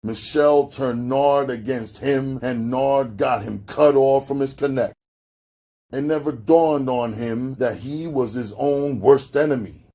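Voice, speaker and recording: A man narrating a gritty street novel as an audiobook, in a low-key, unhurried storytelling manner with street slang. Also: dark tone.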